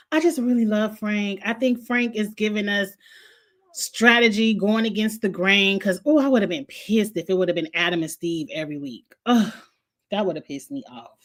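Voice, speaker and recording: Blunt, opinionated woman host. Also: medium pitch. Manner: blunt, opinionated, swears freely. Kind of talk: casual reality TV recap.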